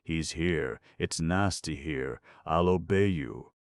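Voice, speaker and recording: In a dry, close recording, a reckless young woman pleads in a high, strained, breathless voice, as a deep-voiced man reads her out. She sounds tipsy and imploring, and a gravelly edge runs underneath. It plays like a storybook reading. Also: takes it slowly, no room sound, full character voice.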